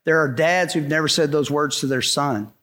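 Emphatic middle-aged pastor preaching. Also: male voice, a little high, moderate pace, a bit bright. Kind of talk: sermon. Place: church sanctuary before a congregation.

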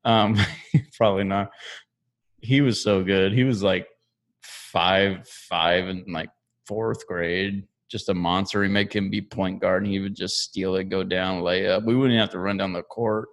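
Low, gravelly man telling laughing stories. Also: steady tone, measured pace. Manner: laughing, rambling storyteller. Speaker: co-host. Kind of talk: casual podcast chat.

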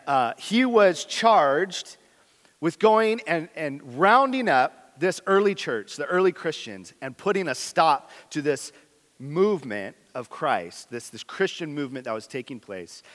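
A man preaching a sermon as pastor, earnest and candid, moving between loud emphasis and quiet intensity. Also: fairly high pitch. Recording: long hall reverb.

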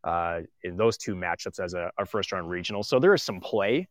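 A man's voice: low voice, animated, fairly quick, no room sound, studio quality. A man co-hosting a casual hockey talk, dropping wry jokes and many filler sounds. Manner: wry, joking, heavy on fillers. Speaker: co-host.

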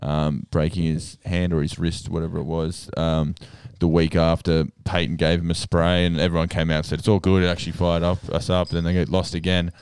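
A man's voice: low voice, flat delivery, a little fast, hardly any pauses, a little mellow, clean tone, dry recording, studio quality. An Australian man co-hosting a sports podcast, telling gossipy footy stories in casual chat.

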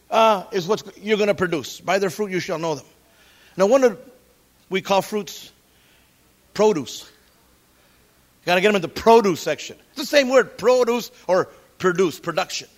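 A middle-aged man preaching a sermon as pastor, animated, quoting scripture and cracking jokes. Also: sits high.

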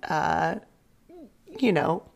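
A woman's voice: sits low, extremely slow, vocal fry. A woman in casual conversation, reacting with short playful comments and laughter. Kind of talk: casual chat.

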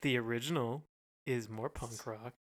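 A man's voice: mid-range voice, fairly even intonation, normal speed. A man from California with a Californian accent, co-hosting a casual music review chat with hesitant, dry humor. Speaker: podcast co-host.

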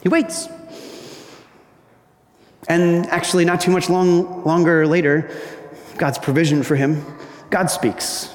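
A man's voice: a little high, flat delivery, measured pace. A man preaching a sermon in a church. He talks in a conversational way, asks the congregation questions and acts out quoted voices. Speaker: pastor. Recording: echoey hall with long reverb.

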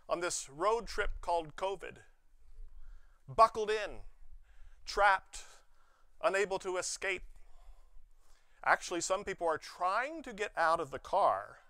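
A male pastor preaching an Easter sermon, expressive, with playful asides. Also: high-pitched, no echo. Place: church sanctuary.

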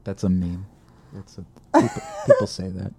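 A young man co-hosting a casual chat, complaining in a profane, exasperated, animated way. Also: deep voice, normal speed, gravelly. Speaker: podcast co-host. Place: lives in Midtown Manhattan.

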